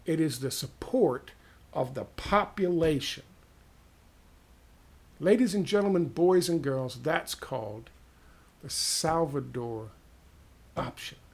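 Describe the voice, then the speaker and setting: A man with an American accent giving a heated, profane political monologue, firing off rhetorical questions and dropping to hushed tones. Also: fairly high pitch, lively intonation, takes it slowly, pauses often. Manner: ranting, drops to hushed tones. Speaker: political commentator.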